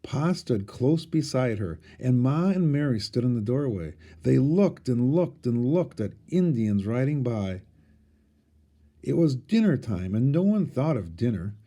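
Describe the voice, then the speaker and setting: Warm, mellow-voiced man reading aloud. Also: mid-range voice, unhurried. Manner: expressive storytelling.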